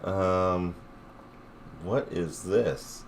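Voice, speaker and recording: A man's voice: deep voice, extremely slow, a little hiss or hum. A man hosting a casual livestream, rambling and joking and swearing a lot as he talks to his chat. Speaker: livestream host.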